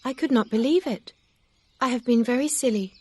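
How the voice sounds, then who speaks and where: A woman voicing an earnest young gentlewoman in an audiobook reading, speaking quietly and with self-reproach. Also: on the high side, moderate pace, breathy edge, voice pushed up.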